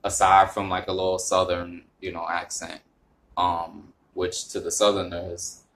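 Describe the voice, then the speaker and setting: A young man with a New York accent talking casually to camera, rambling with lots of fillers and rising in pitch and volume when he gets into explaining. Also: monotone, measured pace, fairly bright tone. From northern United States. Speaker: vlogger.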